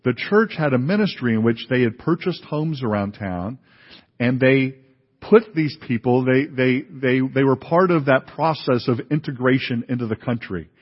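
A pastor giving a sermon in a conversational way, with many fillers and restarts. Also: male voice, medium pitch, lively intonation, normal speed, slightly rough. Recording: dull, lo-fi recording in a reverberant hall.

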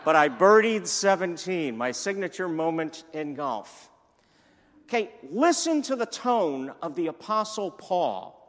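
A male pastor preaching with energy and playful humor, his voice sitting a little high. The sermon rings out through a church sanctuary with a long, echoing reverb behind every phrase. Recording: echoey church hall.

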